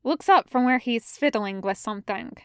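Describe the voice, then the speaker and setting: A woman reading fan fiction aloud as a podfic narrator, in a measured storytelling manner. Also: a little high, smooth, dry recording, studio quality. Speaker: podfic reader.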